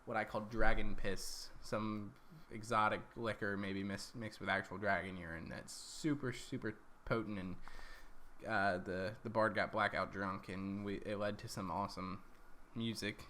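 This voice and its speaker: A man's voice: fairly low pitch, steady tone, normal speed, pushed and bright, a little hiss or hum. A man recapping his tabletop campaign as dungeon master, rambling along with lots of ums and corrections.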